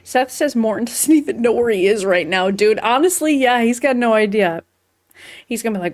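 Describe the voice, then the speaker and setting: A woman's voice: mid-range voice, expressive, fast talker. A woman co-hosting a casual chat, giggly and laughing through her words, acting out silly quoted voices. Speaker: podcast co-host.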